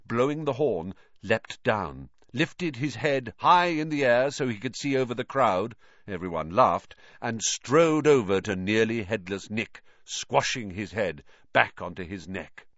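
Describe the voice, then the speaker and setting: A man narrating a fantasy audiobook with expressive storytelling. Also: lowish voice, measured pace, no echo. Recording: dry, slightly dull recording.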